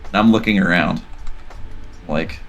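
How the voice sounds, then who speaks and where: A man's voice: deep voice, a little slow, a bit bright, muffled recording. A man telling a long, rambling story in casual podcast chat, acting out the dialogue as he goes. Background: faint background music.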